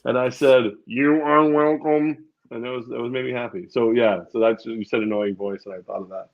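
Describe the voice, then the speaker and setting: A man's voice: mid-range voice, level tone, quick pace, creaky, muffled recording. A male co-host from New York State chatting casually about sports, rambling and hesitant, laughing often. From New York State, outside the city.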